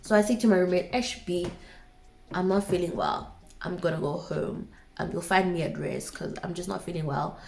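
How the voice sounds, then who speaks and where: A woman's voice: on the low side, normal speed, gravelly, a little mellow. A young woman in her twenties with a South African accent, casually telling a dramatic personal story to her viewers with asides. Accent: South African English.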